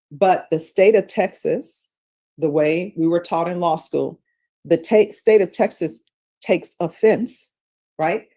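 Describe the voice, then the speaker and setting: A woman's voice: lowish voice, warm tone. A woman judge patiently explaining criminal procedure from the bench in a methodical way.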